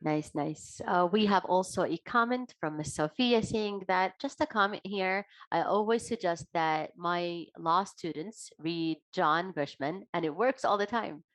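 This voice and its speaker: A woman moderating a Q&A session, reading audience questions aloud briskly with small fillers. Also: lowish voice, a bit bright, dry recording, poor audio.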